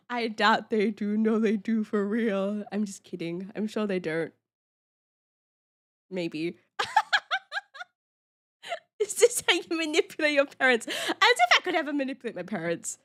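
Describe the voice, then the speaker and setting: A young woman with a high-pitched, slightly bright voice streams live, chatting casually with her viewers. She's giggly and playful, laughing often as she talks with chat.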